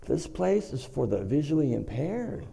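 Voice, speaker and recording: A man voicing his calm, practical mother giving firm instructions in a stage story. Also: fairly high pitch, moderate pace, creaky, noisy background, full character voice. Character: calm practical mother, middle-aged woman.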